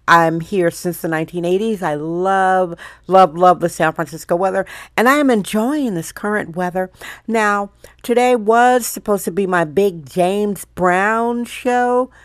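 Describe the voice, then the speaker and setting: An older woman from Wisconsin hosting her own podcast, chatting in a playful, theatrical way with big swoops in pitch. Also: a little slow, no room sound, clean studio sound. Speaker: podcast host. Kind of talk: casual solo podcast monologue.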